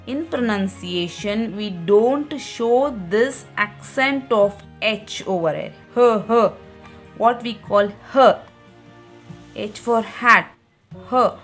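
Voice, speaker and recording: A woman teaching an English grammar lesson who patiently repeats each point and calls her viewers her dear friends. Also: fairly high pitch.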